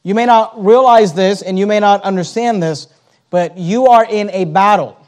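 A man's voice: high voice, moderate pace, darkish tone. A man preaching a sermon, emphatic, asking rhetorical questions and reading scripture aloud in King James wording.

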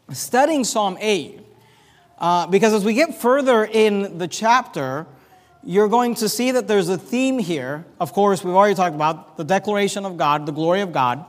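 A preacher giving an expository Bible sermon, reading scripture aloud and explaining it verse by verse. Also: male voice, sits high. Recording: long hall reverb.

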